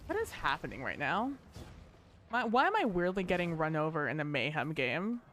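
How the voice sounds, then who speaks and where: A woman streaming live gameplay, talking to her chat in a profane, excitable way with bursts of laughter. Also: deep voice, normal speed, a little hiss or hum.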